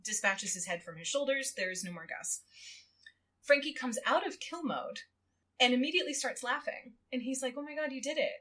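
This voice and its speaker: Animated woman with a bright voice. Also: a little high, moderate pace. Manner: animated storytelling with frequent laughter and acted quotes. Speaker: guest co-host. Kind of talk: casual podcast chat, recapping a book.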